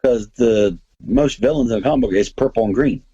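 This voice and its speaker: A man's voice: medium pitch, sing-song, brisk, creaky, mellow, slightly rough, lo-fi sound. A man hosting a podcast, chatting casually and rambling enthusiastically about comics and movies. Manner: rambling, enthusiastic, many restarts. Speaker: podcast host.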